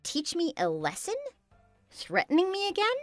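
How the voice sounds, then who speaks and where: A woman's voice: extremely high pitch, wildly swooping pitch, moderate pace, no room sound, soft background music, exaggerated voice. A synthetic female voice reading a worried wife who presses her husband with anxious questions in a text-message story.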